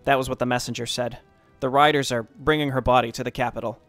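A dutiful messenger reports to his king in formal, respectful words, as a man reads him aloud. The voice is middle-pitched and dry, close to the microphone. Soft game music sits faintly behind. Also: fairly even intonation, fast, no echo, close to an everyday voice. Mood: solemn. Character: dutiful male royal messenger. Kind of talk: reading game dialogue aloud.

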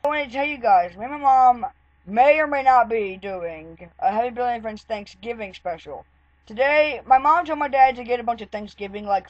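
A woman's voice: fairly high pitch, a little mellow, no echo, muffled recording. A woman vlogger telling a story in a casual, rambling way, with lots of "like". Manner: chatty, rambling, full of "like" fillers.

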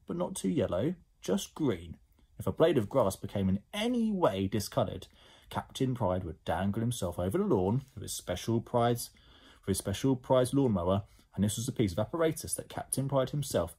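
Husky animated man. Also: fairly low pitch. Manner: expressive, animated. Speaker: teacher. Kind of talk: storybook reading aloud.

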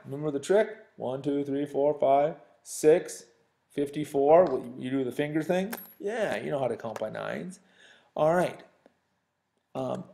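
A man's voice: on the high side, gravelly, mellow. A man teaching a recorded sixth-grade math lesson, talking straight to his students in a chatty, joking way. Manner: chatty, addresses students directly, jokes.

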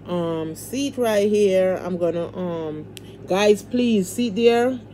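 A woman's voice: mid-range voice, slow pace, warm tone, slight background noise. A woman hosting a casual livestream, talking in a fervent, repetitive, preacher-like way and pleading with her viewers. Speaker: livestream host.

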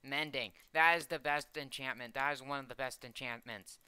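A man's voice: medium pitch, steady tone, normal speed, sharp tone, clean tone. A man giving casual, rambling gameplay commentary as host, hesitant and full of ums and little gasps of surprise. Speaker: gaming channel host.

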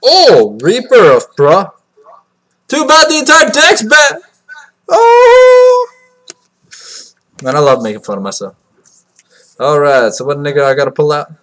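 A man doing crude, excitable unboxing commentary into a cheap computer mic, swinging from loud yelps to low mumbling and mocking himself. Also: measured pace, pauses often. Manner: crude, joking self-mockery. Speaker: card unboxing vlogger. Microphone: cheap computer mic that cuts out.

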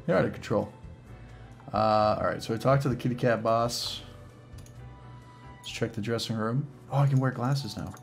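A man's voice: on the low side, fairly even intonation, normal speed, creaky, pauses often, soft background music. A young man with a Boston accent, joking sarcastically through gaming commentary. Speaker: gamer.

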